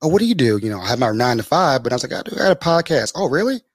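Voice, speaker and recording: Guy chatting in an interview, jumps up high when he quotes folks, dry close sound. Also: very fast, dry recording. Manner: animated, acts out quoted people with big pitch jumps. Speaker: podcast host being interviewed as guest. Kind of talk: casual storytelling in an interview.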